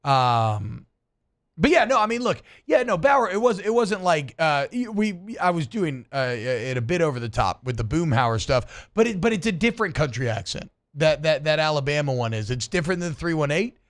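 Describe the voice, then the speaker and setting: A man from suburban Georgia co-hosts a sports talk show. His voice sits a little high for a man, and he rambles in a chatty, joking way through casual banter. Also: big pitch swings, normal speed. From suburbs north of Atlanta, US. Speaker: sports radio co-host.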